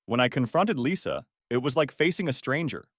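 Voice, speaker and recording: Expressive male storyteller with a lively voice. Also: mid-range voice, a little fast, no echo, clean studio sound. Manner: emotional, with angry outbursts in quoted lines. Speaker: narrator. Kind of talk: first-person story narration.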